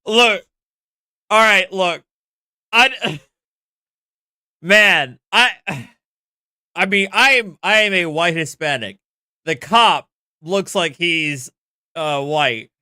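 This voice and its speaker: A host giving relaxed, amused commentary on a police video. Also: medium pitch, drawn-out words, pauses often, smooth, no echo, studio quality. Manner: laid-back, amused, conversational.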